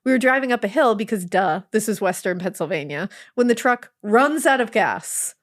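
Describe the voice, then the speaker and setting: A woman co-hosting a podcast reads a listener's story aloud with lively intonation at normal speed, her pitch medium. She's sarcastic, swears, and laughs readily in this casual storytelling read-aloud.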